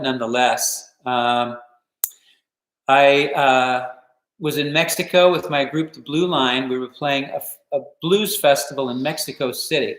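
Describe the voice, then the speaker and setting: An older man hosting a home live stream, telling stories and answering viewer questions in a relaxed, rambling way full of fillers. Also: mid-range voice, echoey room, rough recording. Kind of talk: casual storytelling and viewer Q&A.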